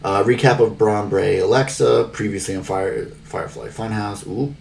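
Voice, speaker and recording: A man's voice: fairly low pitch, fairly even intonation, normal speed, creaky, a little mellow, distant mic, a little hiss or hum. A man hosting a podcast, recapping the week's wrestling in a rambling, wry way full of fillers. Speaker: podcast host.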